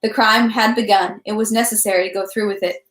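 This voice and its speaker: A woman reading a classic novel aloud at home, with steady narration and small self-corrections. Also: medium pitch, brisk. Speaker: reader. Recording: roomy echo.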